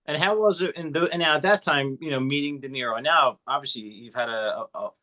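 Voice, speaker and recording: A man hosting a podcast with a mid-pitched voice. He asks his guest casual questions in a halting way, restarting his sentences often. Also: sharp tone. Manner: halting, with many restarts and fillers. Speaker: podcast host.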